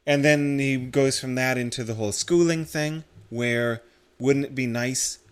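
A man's voice: mid-range voice, steady tone, measured pace, clear, resonant tone. Thoughtful man explaining on a podcast. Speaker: podcast co-host. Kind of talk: casual discussion podcast.

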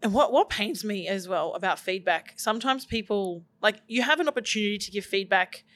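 A woman co-hosting a podcast in casual conversation, animated and acting out quoted examples as she explains. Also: medium pitch, a little fast, slight background noise. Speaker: podcast co-host.

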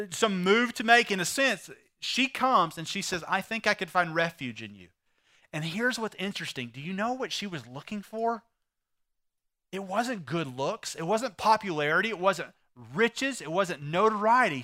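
A man preaching a sermon, retelling a story with animated voices for the characters. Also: sits high. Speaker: pastor.

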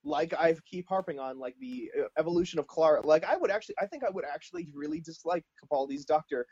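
A man co-hosting a podcast, talking in an animated, casual way with lots of "like". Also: on the high side, quick pace, gravelly, husky, lo-fi sound. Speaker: podcast co-host.

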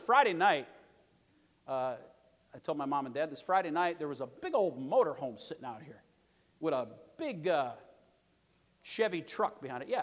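A middle-aged male pastor preaching a sermon, telling lively stories with joking asides and calling out for amens. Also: on the high side. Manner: lively storytelling with joking asides and calls for amen. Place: large church sanctuary. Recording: long reverb of a big church hall.

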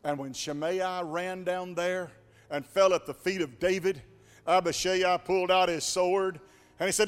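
A man preaching a sermon as pastor, dramatic, swinging from hushed to shouting. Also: high-pitched, fairly even intonation, a little slow, clean tone, big-room sound.

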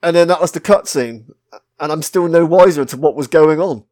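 Chatty British man, slightly high voice. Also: moderate pace, a little mellow. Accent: British English. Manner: chatty, swears freely, laughs often, self-mocking. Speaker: podcast host reviewing a retro game. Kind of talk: casual chat.

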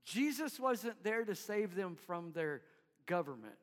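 A man preaching a sermon in an animated way, acting out crowd voices and dropping to quiet low tones. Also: measured pace. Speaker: pastor. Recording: long reverb in a hall.

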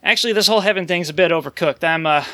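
A man's voice: a little high, very fast, bright, forceful tone. A man reading the part of a lazy, grumbling guardian angel, sarcastic and often laughing. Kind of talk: comedic script read-through.

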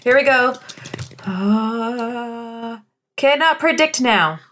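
A woman co-hosting a podcast in casual chat, chatty and quick to giggle. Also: a little high, a bit bright, slight background noise. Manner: giggly and chatty, breaks into laughter. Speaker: podcast co-host.

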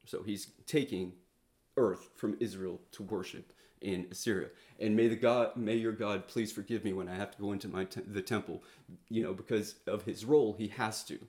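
A man's voice: on the low side, moderate pace, warm tone. A man preaching a sermon in a casual, conversational way, retelling a story with many fillers and restarts and acting out the quotes.

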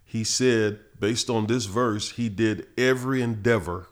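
Lowish-voiced man preaching on a podcast. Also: a little slow. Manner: preachy, rises in pitch and force reading scripture. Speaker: pastor. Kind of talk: podcast Bible teaching.

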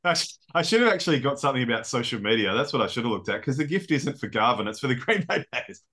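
A man co-hosting a sports podcast, chatting casually and laughing often. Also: medium pitch. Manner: animated, quick to laugh. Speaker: podcast co-host. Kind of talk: casual chat.

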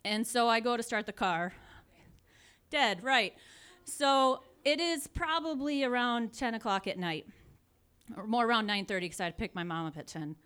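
Lively woman telling a personal story. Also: a little high, normal speed, smooth. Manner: animated, laughs often, acts out the people in her story.

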